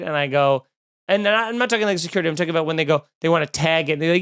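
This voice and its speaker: Snarky man ranting, smooth clear voice. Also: on the high side, rapid-fire. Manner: snarky, animated, mocking voices in quotes. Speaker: comedian podcast host. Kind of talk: comedic rant.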